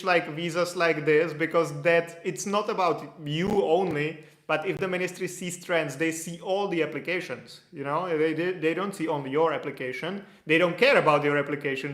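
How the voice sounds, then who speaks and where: A man's voice: a little high, fairly bright tone, reverberant. A man answering viewer questions in a casual, loose explanatory way, with restarts. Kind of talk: casual Q&A livestream.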